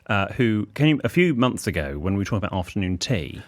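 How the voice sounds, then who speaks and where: A man in his thirties, an etiquette expert co-hosting a casual comic podcast, telling stories in a fussy, animated way. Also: lowish voice, fairly quick. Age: 30s.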